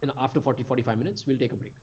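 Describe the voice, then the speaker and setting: A man's voice: mid-range voice, racing, darkish tone, a little hiss or hum. A man in his forties with an Indian accent, giving an emphatic motivational business talk in a webinar and often quizzing his listeners. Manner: emphatic, quizzes audience, stretches key words. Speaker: business coach. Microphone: computer mic on video call. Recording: dull lo-fi webinar audio.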